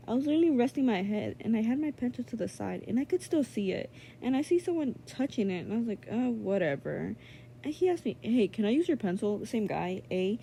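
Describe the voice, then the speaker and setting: Chatty teen girl vlogger, mellow voice. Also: fairly high pitch, slight background noise. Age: teenager. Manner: chatty, full of "like" and "um" fillers; indignant, animated retelling. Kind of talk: casual storytelling.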